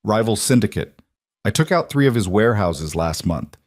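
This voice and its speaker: Man doing a tired mafia boss, calm and clipped, deep-ish, dry mic. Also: moderate pace, dry recording. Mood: cold. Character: cold, controlled male crime boss, weary.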